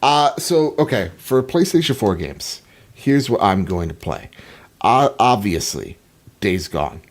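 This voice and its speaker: Lively, slangy podcast host. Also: male voice, on the low side, unhurried. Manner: excited, slangy, playful. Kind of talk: casual podcast chat.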